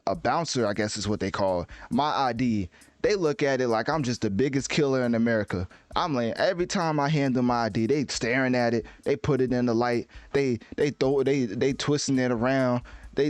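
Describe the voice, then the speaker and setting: A man's voice: medium pitch, no room sound. A man in his twenties hosting a solo podcast, talking in a laid-back, conversational way with many asides and fillers. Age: 20s. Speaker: podcast host. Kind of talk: casual solo podcast monologue.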